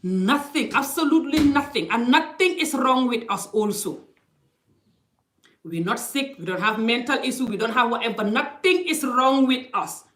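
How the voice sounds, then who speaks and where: A woman's voice: on the high side, lively intonation, normal speed, a bit bright. Emphatic woman vlogging on a phone. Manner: emphatic, acts out quoted exchanges. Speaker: vlogger giving life advice. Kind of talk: casual motivational talk. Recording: roomy echo.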